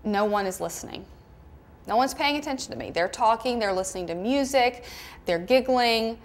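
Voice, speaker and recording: A middle-aged woman with a Southern American accent, telling a personal story in an animated, conversational way. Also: on the high side, moderate pace. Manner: animated storyteller, with mimicking asides. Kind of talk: storytelling talk.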